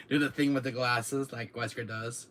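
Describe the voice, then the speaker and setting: A man hosting his own channel, chatting casually to viewers in an excitable, rambling way, often laughing and repeating himself. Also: medium pitch, unhurried, slight background noise. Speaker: channel host. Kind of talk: casual vlog chat to viewers. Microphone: camera mic, seated in chair.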